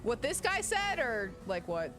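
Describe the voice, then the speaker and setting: A woman streaming a video game in casual, profane chat, swinging between low mutters and excited shouting over game music. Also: measured pace. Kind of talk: casual let's-play chat. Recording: game music playing behind.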